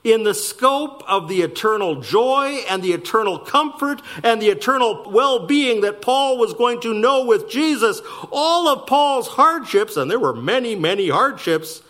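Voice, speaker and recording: A man preaching a sermon, slowing down to stress key words and speeding through asides. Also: high voice. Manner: animated preaching, slowing for emphasis and rushing asides. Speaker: pastor.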